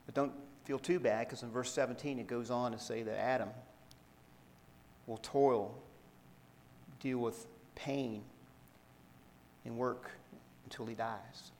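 A man preaching a sermon, reading scripture aloud in a measured way and explaining it to the congregation. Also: medium pitch, fairly even intonation, darkish tone, big-room sound, slight background noise, rough recording. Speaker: pastor.

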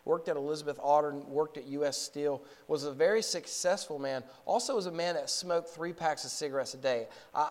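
A man in his forties preaching a sermon in a fairly high voice. He tells a story plainly, stumbling and repeating words, then builds to fervent, raised exhortation. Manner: frequent word repetitions and restarts. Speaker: pastor.

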